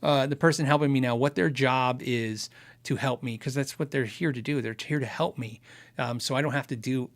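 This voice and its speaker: A guitar tech channel host speaks fairly quickly in a mid-range voice with a steady tone while answering live-stream chat questions. He comes across earnest, reasoning out loud with many restarts.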